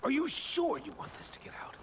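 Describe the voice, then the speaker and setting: An actor voicing a manipulative, smooth-talking man in a video game, coaxing and insinuating. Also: a little high, wildly swooping pitch, a little slow, a loud crowd, heavily acted.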